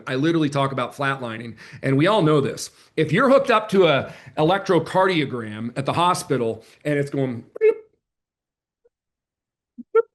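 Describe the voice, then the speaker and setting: A man running a live online sales training, chatty and energetic, joking about himself as he coaches. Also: a little high. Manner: energetic, chatty, self-deprecating. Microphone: computer mic on a video call.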